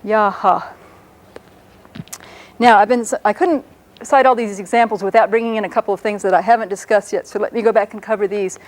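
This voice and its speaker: A woman lecturing on a language, talking patiently and slowing down to spell out and pronounce each word carefully. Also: medium pitch, steady tone, darkish tone, rough recording. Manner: patient, explanatory, slows down to pronounce words carefully. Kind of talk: educational lecture on a public-access show.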